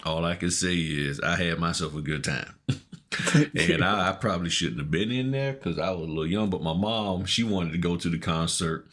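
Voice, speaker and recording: Casting: low-voiced middle-aged man, relaxed slangy podcast storyteller. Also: normal speed. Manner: laid-back, laughing, slangy storyteller. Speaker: podcast co-host. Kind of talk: casual storytelling chat.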